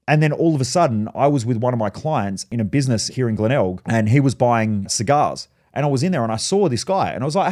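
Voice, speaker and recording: A man, a business coach, telling a story in a blunt, animated way with a lot of swearing. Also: mid-range voice, fast, few pauses. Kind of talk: casual monologue, storytelling.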